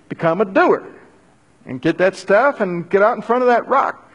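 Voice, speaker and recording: Older man, preacher, sermon to a congregation, slightly high voice, casual delivery with urgent bursts. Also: moderate pace, slightly rough. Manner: conversational, animated bursts when urging. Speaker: pastor. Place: church hall before a live audience.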